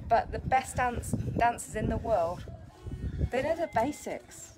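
A woman's voice: a little high, animated, a little slow, music in the background. A woman, a dance teacher, chatting casually outdoors on a live stream and laughing often.

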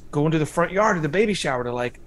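A man's voice: on the high side, lively intonation, racing, natural voice. A man voicing a tough old-school male gangster from Los Angeles, speaking with a Chicano English accent in a swaggering, streetwise way. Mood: casual.

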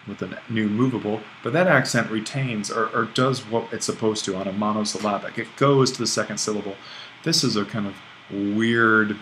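A man's voice: fairly low pitch, a bit bright, a little hiss or hum, low-quality recording. A man teaching a recorded online language lesson, explaining at an easy pace with restarts and small self-corrections. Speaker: Greek language instructor.

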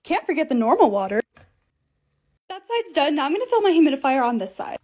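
A young woman narrates a casual lifestyle vlog from her bedroom and bathroom at home, chatty and upbeat and poking fun at herself. Her voice sits high with a darkish tone, and she talks fast and very animatedly.

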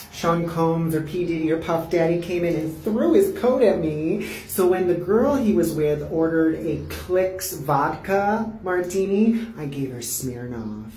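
A man's voice: a little high, expressive, measured pace, warm tone, low-quality recording. A man telling funny petty stories about his life in a sassy, theatrical way, with light noise behind him. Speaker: storyteller. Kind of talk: comedic storytelling.

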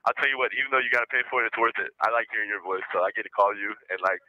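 A man talks on a prison phone call, rambling fast and circling back to the same words. His voice is very bright and forward. The sound is dry and close. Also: lowish voice, no echo. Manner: fast, rambling, laughs often, repeats himself. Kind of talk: casual phone chat.

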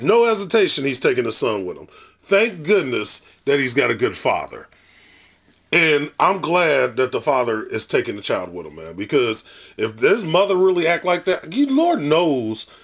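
An exasperated man with a slightly high, very lively voice that swings up and down. He comments on what he's watching, swearing casually and slipping into preachy asides. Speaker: reaction video host. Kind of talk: reaction commentary.

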